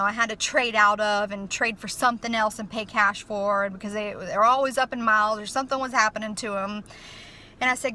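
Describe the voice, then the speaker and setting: A woman's voice: mid-range voice, bright, forceful tone, a little hiss or hum. A young woman telling a story in a casual vlog, chatty and emotional, with lots of fillers. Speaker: vlogger. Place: inside a car.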